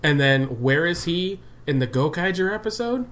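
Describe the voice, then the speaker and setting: A man with hiccups, chatting casually and excitably as a podcast co-host, rambling and swearing now and then. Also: a little high, normal speed. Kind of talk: casual fan chat.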